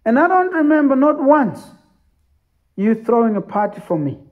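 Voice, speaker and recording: A preacher voicing a resentful, loyal elder son who complains in an aggrieved tone. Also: male voice, very high voice, sing-song, normal speed, narrow, tinny audio, voice pushed up.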